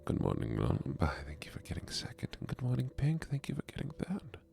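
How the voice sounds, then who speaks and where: A man with a put-on German accent in a soft-spoken ASMR stream, greeting viewers and reading poetry in a hushed whisper. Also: medium pitch, huge pitch swings, brisk, gravelly.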